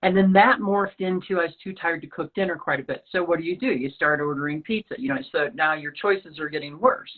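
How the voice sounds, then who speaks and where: A low-voiced woman talks fairly quickly with few pauses while telling a personal story as a guest on a podcast. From the Rocky Mountain region of the US, she's an animated storyteller who acts out quoted lines, and the recording sounds lo-fi, like a phone.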